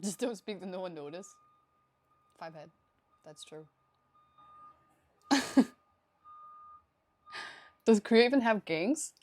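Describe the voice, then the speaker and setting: A woman's voice: mid-range voice, lively intonation, takes it slowly, pauses often, a little mellow. A young woman live streaming, chatting casually with her viewers, laughing often and thanking them for subscriptions.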